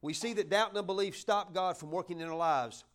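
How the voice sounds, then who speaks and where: A man's voice: high voice, fairly quick, fairly bright tone. A man preaching a folksy sermon, joking with his congregation and asking them to help him along. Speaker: pastor.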